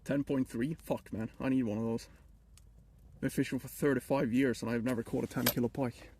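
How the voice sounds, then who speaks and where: A man's voice: medium pitch, fairly even intonation, a little fast, darkish tone, a little hiss or hum. Man, middle-aged, Swedish accent, livestreamer, joking, rambling, outdoors on ice. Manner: joking, rambling, talks to chat. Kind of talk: casual live stream chat. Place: outdoors on a frozen lake.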